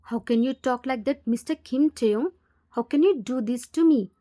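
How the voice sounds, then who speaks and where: Woman playing a heartbroken girl of twenty, Indian English accent, warm and fairly high. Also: moderate pace, lightly acted. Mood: angry. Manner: hurt, accusing.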